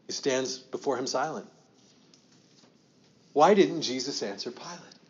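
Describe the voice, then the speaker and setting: A man teaching from scripture in an interactive study, asking questions and acting out the lines he quotes with rising emphasis. His voice sits at an ordinary pitch. The recording is slightly dull and lo-fi. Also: lively intonation, a little slow. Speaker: pastor.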